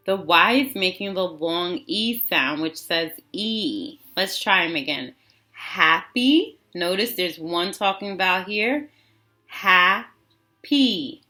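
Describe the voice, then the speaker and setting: A woman teaching a phonics lesson to children, enunciating slowly and repeating words for them to echo. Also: fairly low pitch, bright, forceful tone. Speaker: literacy teacher.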